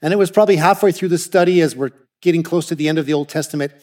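Canadian-raised male ministry speaker, lively storyteller, somewhat high voice, restarts often. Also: very fast. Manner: animated storytelling with frequent restarts. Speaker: ministry speaker presenting slides. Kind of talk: testimony talk to an audience.

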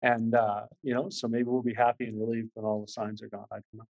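A man's voice: medium pitch, level tone, fast talker, gravelly, darkish tone, muffled recording. A man preaching a sermon in a conversational way, earnest and repetitive, often restarting his sentences. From Canada. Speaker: visiting preacher.

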